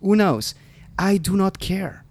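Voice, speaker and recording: A man in his thirties from France with a French accent, co-hosting a casual podcast chat, animated and swearing freely. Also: sits high, takes it slowly. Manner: animated, swearing, restarts sentences. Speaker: podcast co-host.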